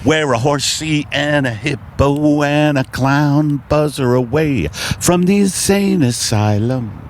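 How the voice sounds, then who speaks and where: A man putting on a schmaltzy, unhinged male lounge singer, crooning slowly in a sing-song way, outdoors in a park. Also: a little high, a little hiss or hum.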